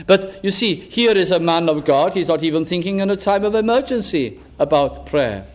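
A man's voice: fairly high pitch, lively intonation, normal speed, hardly any pauses. A man preaching a sermon in an earnest way, pressing his listeners with rhetorical questions. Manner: earnest, probing rhetorical questions, drops to a hush.

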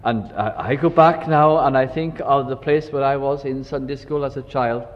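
A man's voice: medium pitch, fairly even intonation, normal speed. An older man preaching a sermon, reflective and full of storytelling asides. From Wales. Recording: dull recording with long hall reverb.

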